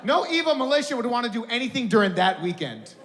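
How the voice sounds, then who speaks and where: Animated young man doing stand-up, high voice. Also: quick pace, noisy background. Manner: animated, slangy, full of asides. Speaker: stand-up comedian. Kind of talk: stand-up comedy set. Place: comedy venue with live audience. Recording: echoey hall with crowd laughing.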